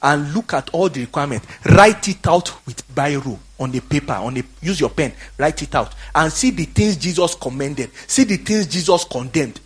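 Husky man with a Nigerian accent, fiery sermon, exhorting, quiet then shouting. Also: on the high side, animated, normal speed, hardly any pauses. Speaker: pastor.

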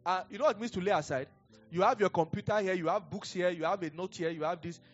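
A middle-aged Nigerian-accented pastor with a high voice speaks fast in a rambling, conversational sermon. He digresses into chuckling storytelling, recorded in dull lo-fi sound with faint music playing.

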